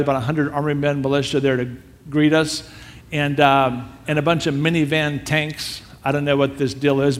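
A man telling a story with animation, quickly acting out the back-and-forth dialogue. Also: a little high, fairly bright tone. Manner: acts out dialogue in quick quoted exchanges. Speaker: storyteller speaking to an audience. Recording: long reverb of a large hall.

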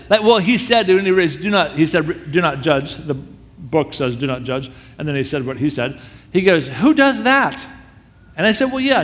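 A man telling a story as a sermon, animated and acting out the people he quotes. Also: fairly high pitch. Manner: animated storyteller who acts out quoted voices. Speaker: speaker telling a story to a church audience. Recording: long hall reverb.

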